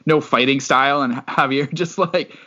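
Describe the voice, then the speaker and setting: A man's voice: medium pitch, fairly even intonation, moderate pace, pushed and bright. Rambling man retelling a story, lo-fi. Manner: loose, rambling retelling with many fillers. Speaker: podcast co-host. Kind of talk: casual book discussion.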